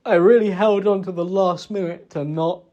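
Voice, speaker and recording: A young man giving a halting, self-reproachful personal apology, emotional and close to tears, hesitating with many fillers. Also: high voice, fairly even intonation, darkish tone. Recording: dull lo-fi recording.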